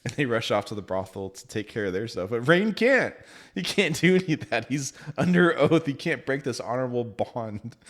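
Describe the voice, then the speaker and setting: A man casually reviewing a book, animated and laughing often, with the odd swear word. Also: medium pitch, moderate pace.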